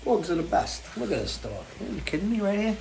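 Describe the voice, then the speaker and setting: A man's voice: sits high, sing-song, fast, creaky, darkish tone, a little hiss or hum. A man hosting a casual live stream from his home porch, crude and joking, chatting to viewers and his dogs. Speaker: host.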